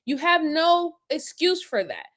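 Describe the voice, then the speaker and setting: A woman with a high, bright voice gives casual reaction commentary. She is blunt and openly exasperated, and she swears freely. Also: very animated, a little slow. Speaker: reaction video host.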